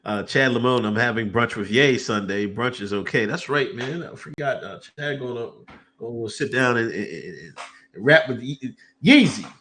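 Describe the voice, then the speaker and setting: A man co-hosting a casual podcast, reading shout-outs and laughing often in a hyped way. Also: mid-range voice, lively intonation, normal speed. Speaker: podcast co-host.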